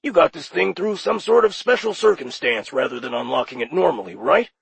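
Guy doing a raspy demon call-center guy, higher voice, super lively pitch, dry close sound. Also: fairly quick, no echo, heavily acted. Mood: chummy. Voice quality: raspy, gravelly. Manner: chummy, breezy customer-service patter. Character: friendly raspy male demon phone operator. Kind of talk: audiobook character voice.

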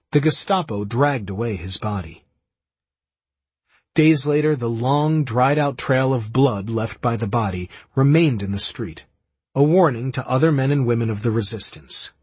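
A man narrates a wartime history in a grave, measured way. His voice is very husky and breathy at a middle pitch. He was recorded close on a dry, dead-sounding mic. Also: dry recording. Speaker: audiobook narrator. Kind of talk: scripted narration.

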